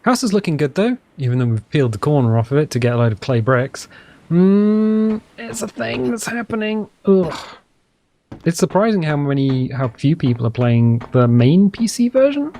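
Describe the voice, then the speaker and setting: Warm and mid-range, his voice moves fairly quickly with few pauses and big swings in pitch. He's casually narrating his own survival-game playthrough, rambling, chatting to himself, and cracking self-deprecating jokes.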